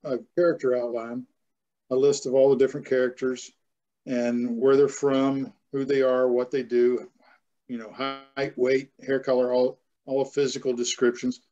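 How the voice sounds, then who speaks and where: A man's voice: medium pitch, little pitch movement, normal speed, warm tone. A man from Florida who hosts a casual author chat, speaking in an easygoing way. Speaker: host. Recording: dull lo-fi audio.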